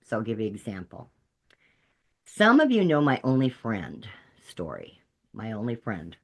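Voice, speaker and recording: Lively storytelling woman peer counselor. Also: very deep voice, normal speed, slightly rough. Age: middle-aged. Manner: lively storyteller who acts out quoted voices. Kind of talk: storytelling talk to a peer audience.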